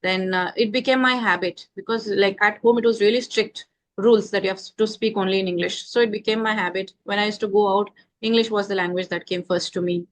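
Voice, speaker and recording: A woman in her thirties from India with an Indian accent, a confident and measured guest giving her views in a casual conversation about speaking English. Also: mid-range voice, steady tone. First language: Indian mother tongue.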